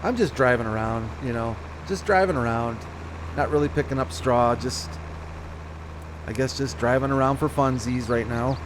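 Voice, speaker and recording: Playing a farming game, a gaming channel host keeps up casual, rambling commentary and often corrects himself. He has a mid-range voice at a moderate pace, slight hiccups, and a noisy backdrop.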